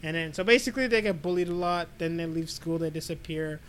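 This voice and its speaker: A slightly higher-pitched man chats loosely on a podcast, recapping a show in a rambling, offhand way. A faint hiss sits under his voice. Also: fast, fairly bright tone. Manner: rambling, loose retelling of an episode. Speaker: podcast co-host. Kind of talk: casual chat.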